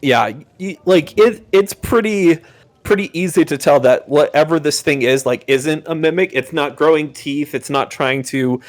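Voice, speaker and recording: A man's voice: fairly high pitch, moderate pace. Hesitant young-sounding male game master. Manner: hesitant, filler-heavy narration with many restarts. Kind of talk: narrating a tabletop game.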